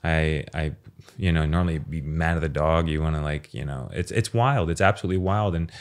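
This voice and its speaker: Deep-voiced man talking earnestly. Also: a little fast. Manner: earnest, expressive, swears casually. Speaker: guest. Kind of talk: casual conversation.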